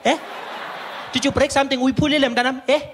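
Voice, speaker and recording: A man voicing a brusque, gloating middle-aged woman hospital receptionist, talking slow and mocking and ending lines with "eh?". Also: very high-pitched, level tone, a little hiss or hum, voice pushed up. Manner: mocking, drawn-out, ends lines with "eh?". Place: theatre stage. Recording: live theatre with loud audience.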